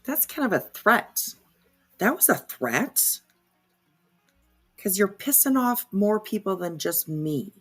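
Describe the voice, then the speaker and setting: A woman's voice: mid-range voice, very animated, slow, long pauses, fairly bright tone, breathy edge, soft background music. A woman hosting reaction commentary, sarcastic and opinionated. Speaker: commentary channel host.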